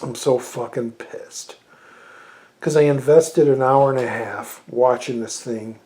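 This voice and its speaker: A man's voice: mid-range voice, takes it slowly, dark tone. A man giving a casual, rambling film review, exasperated and swearing freely. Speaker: movie reviewer.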